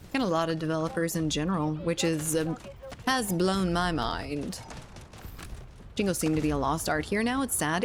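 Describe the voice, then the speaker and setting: A woman's voice: deep voice, slight background noise. A young woman streamer chatting casually and profanely during a gaming livestream, reading chat aloud.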